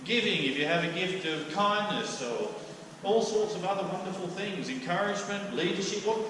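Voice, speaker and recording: A high, bright-voiced Australian man delivers a lively sermon, his pitch leaping up and down as he jokes with the congregation. He sounds a little way off from the mic, in a long, echoing hall with a faint hum behind him. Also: moderate pace, far from the mic. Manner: animated, jokey, acts out the master's lines. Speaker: pastor. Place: church hall.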